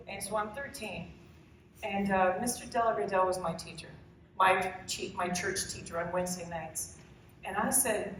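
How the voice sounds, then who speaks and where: A painter giving a demo talk speaks in a mid-range voice, with a little hiss or hum on the recording. Earnest and emotional, she rambles to a live audience in a large, echoey hall, halting, restarting often and laughing, and the recording sounds distant and echoey.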